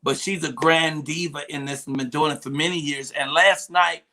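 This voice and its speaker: A man hosting a live talk show, lively and playful, hyping guests to the audience. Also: a little high, normal speed. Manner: hype, animated, playful repeats. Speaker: host.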